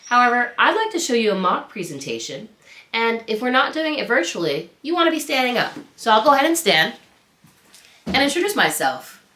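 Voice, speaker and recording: An upbeat woman instructor talks straight to the viewer, her pitch swinging widely. Her voice is bright and forward. The recording has a roomy echo. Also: fairly quick. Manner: upbeat, animated, addresses viewer directly. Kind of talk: instructional presentation.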